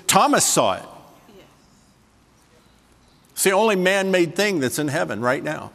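A man preaches a sermon in a somewhat raised voice, slowing and softening for emphasis, then speeding into quick asides to the room. The sound carries a long reverb from the large church hall. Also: fairly high pitch, sing-song, vocal fry. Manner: swings between soft slow emphasis and quick asides to the congregation. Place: church sanctuary with a congregation.

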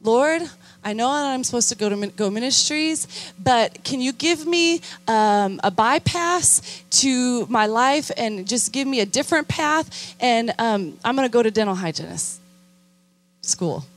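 A woman's voice: on the high side, expressive, measured pace. A woman mimicking a sing-song teenage girl praying. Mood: pleading. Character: earnest teenage girl bargaining with God.

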